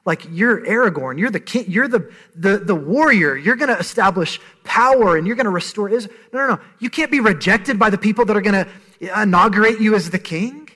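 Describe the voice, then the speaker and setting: A man's voice: sits high, lively intonation, brisk, bright, forceful tone, big-room sound, pitched above the performer's own voice, full character voice. A man voicing a panicked male disciple, frantic, pleading, raised voice. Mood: alarmed pleading. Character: panicked male disciple protesting to his teacher.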